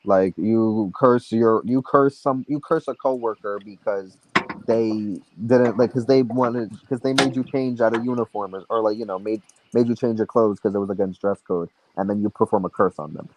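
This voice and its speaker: A man's voice: on the low side, steady tone, moderate pace, darkish tone, dry recording, rough recording. A young man co-hosting a casual chat, rambling and chatty with many restarts. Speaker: podcast co-host.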